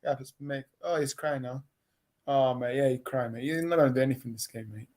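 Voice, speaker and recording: A man's voice: mid-range voice, steady tone, fairly quick, a little mellow. A man hosting a football watchalong, chatting casually with teasing, slangy banter. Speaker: watchalong host. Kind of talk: casual live commentary chat.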